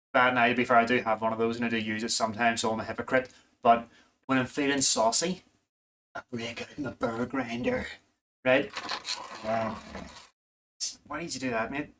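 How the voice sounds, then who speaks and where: A man's voice: mid-range voice, fairly bright tone. A man, a food vlogger chatting casually through a home cooking demo with rambling, self-mocking asides.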